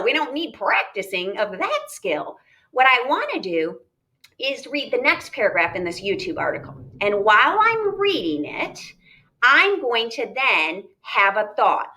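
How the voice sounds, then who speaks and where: A woman teacher talking students through a reading lesson, chatty and animated, modeling her thoughts aloud. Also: on the high side. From United States.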